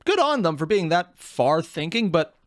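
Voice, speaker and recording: Blunt, disbelieving male reactor, lively swings in pitch, dead-dry close sound. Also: normal speed, dry recording. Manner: incredulous, blunt, swears freely. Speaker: reaction video host. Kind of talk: casual reaction commentary.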